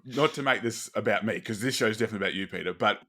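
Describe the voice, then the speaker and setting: A man's voice: on the low side, very fast, bright, forceful tone. A man hosting a podcast and chatting in a rambling, friendly way. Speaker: podcast host. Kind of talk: casual podcast chat.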